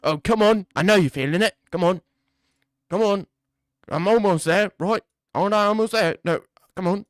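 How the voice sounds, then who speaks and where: A man voices a crude, cocky young British guy. He sounds needy and pushy, and his voice sits higher and louder than his normal speech in a dry, close recording. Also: normal speed, pauses often, no echo, lightly acted. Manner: pushy, needy, keeps saying come on.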